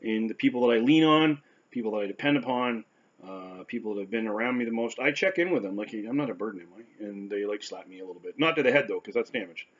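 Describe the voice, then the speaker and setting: A man who survived a stroke talks candidly about it, often pausing, restarting and checking in with "right?". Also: on the low side, lively intonation. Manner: conversational, tags sentences with "right?"; halting, with restarts and pauses. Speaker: stroke survivor sharing his experience. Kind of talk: unscripted talk to camera. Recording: slightly dull lo-fi audio.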